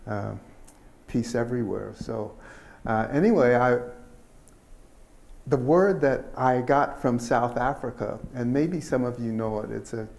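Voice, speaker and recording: An older man giving a keynote speech, telling personal stories in an unhurried, folksy way with pauses and fillers. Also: mid-range voice, creaky, darkish tone. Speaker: keynote speaker. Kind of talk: storytelling speech.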